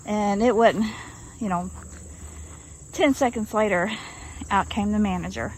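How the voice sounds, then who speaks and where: An Arkansas woman with a medium-pitched voice speaks at a measured pace, drawling a folksy story to her viewers and addressing them as y'all. The low-quality recording was made outdoors in rural woods, with faint outdoor noise and crickets and insects behind her.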